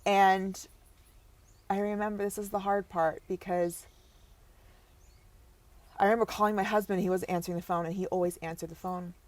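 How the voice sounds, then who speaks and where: Young woman guest with a mid-height voice, halting and emotional, trailing off into near whispers. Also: mid-range voice, flat delivery, no room sound. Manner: halting, breaks off and restarts, voice drops to near whisper at times. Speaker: podcast guest. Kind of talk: emotional personal storytelling.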